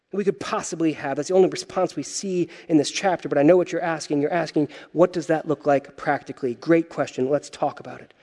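A man preaching a sermon as pastor, animated and wry, with joking asides to the congregation. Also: high voice, long reverb tail.

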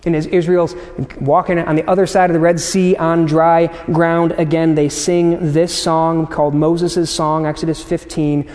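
A man's voice: fairly high pitch, flat delivery, measured pace, a little mellow, long reverb tail. A man preaching a sermon in a conversational way, often stumbling over repeated words and asking "right?". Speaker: pastor.

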